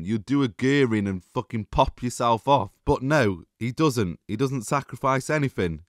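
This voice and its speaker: Man, exasperated review rant, sarcastic and sweary, mid-pitched voice, dry close sound. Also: no echo. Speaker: TV show reviewer. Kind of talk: ranting review monologue.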